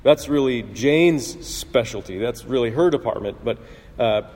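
A man preaching a sermon in an earnest, conversational way, often clearing his throat and restarting phrases. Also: mid-range voice, expressive, a little slow, a little mellow. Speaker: pastor. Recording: husky voice in a long-reverb hall.

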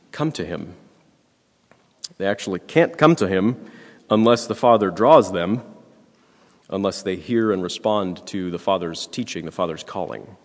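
A man preaching a sermon, earnest and emphatic, repeating his points and clearing his throat often. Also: fairly low pitch, in a large hall. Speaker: pastor.

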